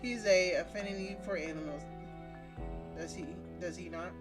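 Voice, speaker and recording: A woman's voice: on the low side, close to an everyday voice. Woman doing a cruel witch queen, menacing and gloating, game read-aloud with music behind. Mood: gloating menace. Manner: slow, menacing, gloating taunts. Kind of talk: reading a game's lines aloud.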